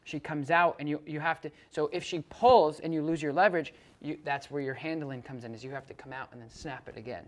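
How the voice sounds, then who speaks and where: Low-voiced woman coaching dog handling. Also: fairly even intonation, brisk, few pauses. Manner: coaching, repeats words and restarts sentences. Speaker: dog trainer. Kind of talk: hands-on dog training instruction.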